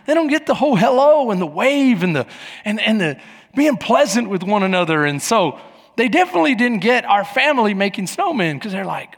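Preacher, high gravelly voice, lively storytelling, echoey sanctuary. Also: male voice, moderate pace. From Texas. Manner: animated, acts out quoted voices. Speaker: pastor. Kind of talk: sermon with storytelling. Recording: echoey hall.

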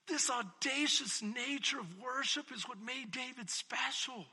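A male pastor preaching a sermon, moving between shouted, emphatic passages and hushed, intimate reflection. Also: extremely high pitch, a little slow, hardly any pauses, slightly rough, long reverb tail.

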